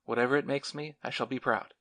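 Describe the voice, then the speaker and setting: A man's voice: mid-range voice, fairly even intonation, quick pace, vocal fry, pushed and bright. A man reading the lines of a stern, determined young war veteran in an audiobook, commanding and insistent.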